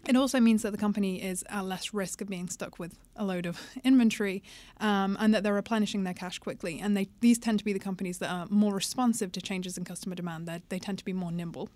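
Brisk British woman explaining. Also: medium pitch, fairly even intonation, darkish tone, dry recording. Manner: brisk, explanatory, good-humored. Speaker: podcast guest analyst. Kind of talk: casual podcast chat.

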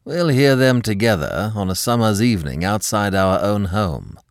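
A male narrator plays a fond, teasing young husband from an old story, with a lively, rising voice. He speaks with gentle romantic warmth, and the recording is dry. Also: on the low side, normal speed, dry recording. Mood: affectionate. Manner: warm teasing.

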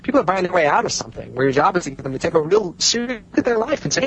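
Emphatic man with a higher voice. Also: very animated, racing, gravelly, a bit bright, a little hiss or hum, rough recording. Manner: emphatic, repeats points for stress. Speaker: podcast guest. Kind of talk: casual chat.

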